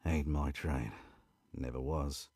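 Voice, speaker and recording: Gruff werewolf man with an Aussie drawl, read by a man; very deep, dry close sound, slow and unhurried muttering. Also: steady tone, a little mellow, no echo, exaggerated voice. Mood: grumbling. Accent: Australian.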